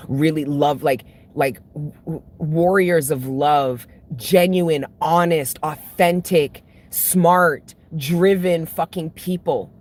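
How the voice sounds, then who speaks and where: A woman's voice: sits low, slow, a little mellow. A woman who reads tarot for her channel, venting casually to her viewers in a blunt, heavily cursing way that keeps building into outbursts. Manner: blunt, heavy swearing, emotional outbursts. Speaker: tarot reader and channel host.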